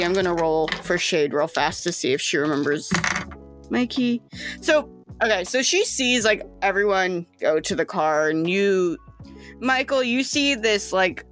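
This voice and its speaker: A woman's voice: lowish voice, a bit bright. A young woman who runs a tabletop game and narrates casually, rambling and swearing. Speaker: game master.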